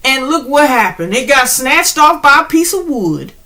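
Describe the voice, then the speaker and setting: Woman spiritual vlogger, high bright voice, animated, slangy, preachy and laughing. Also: moderate pace. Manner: preachy, addresses viewers directly. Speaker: spiritual channel host. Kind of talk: casual spiritual pep talk.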